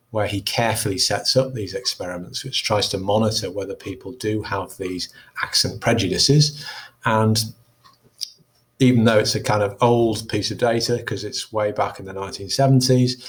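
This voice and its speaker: A male English teacher talking students through an exam question in a measured, explanatory way with frequent fillers. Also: fairly low pitch. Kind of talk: recorded lesson walkthrough.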